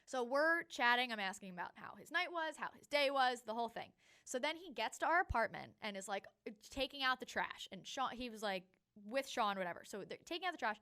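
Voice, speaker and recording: Young philly woman on a podcast, high bright voice, animated storytelling. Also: fairly quick, few pauses, smooth. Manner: animated, laughing, acts out quotes. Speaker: podcast co-host. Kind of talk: casual storytelling chat.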